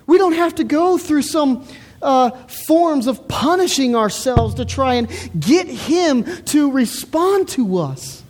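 A woman's voice: high-pitched, animated, slow pace, a little mellow. A woman preaching a sermon in an earnest, emphatic way, repeating words as she builds her point. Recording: reverberant hall.

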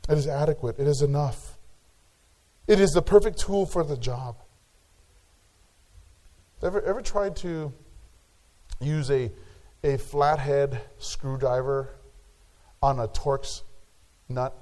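With a medium-pitched voice, a pastor builds his sermon toward forceful high points before sinking into soft, stretched-out words.

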